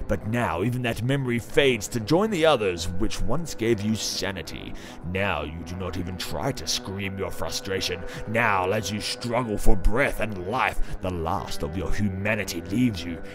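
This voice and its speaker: A man's voice: low voice, over music. A man putting on a brooding comic-book narrator voice. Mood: ominous. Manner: slow, solemn, theatrical delivery.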